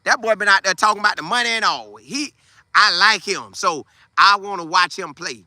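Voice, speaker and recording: Animated high-voiced man talking football. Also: moderate pace, dry recording, clean studio sound. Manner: animated, trash-talking, Southern Black vernacular slang. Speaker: sports podcast host. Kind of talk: casual football commentary monologue.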